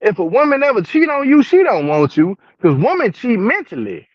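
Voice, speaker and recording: A man's voice: very high voice, sing-song, moderate pace, dry recording. A young man recording a casual commentary vlog, talking to his viewers in slang. He repeats himself for emphasis and is getting angry. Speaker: reality TV commentary vlogger. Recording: dull, dry, lo-fi home recording.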